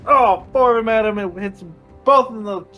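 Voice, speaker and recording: A man with a high voice playing a tabletop game. He talks haltingly, tripping over and restarting his words, with faint music in the background. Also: sharp tone. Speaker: player.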